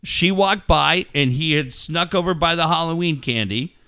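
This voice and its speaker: Middle-aged man, podcast host, high voice, profane animated storytelling, dry close sound. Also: moderate pace, smooth, no echo. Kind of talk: casual podcast chat.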